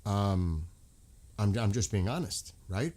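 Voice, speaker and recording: With a warm, fairly low voice, lively intonation, and a slow pace, an American man chats casually as a livestream host. His talk is heated and repetitive, peppered with frequent profanity.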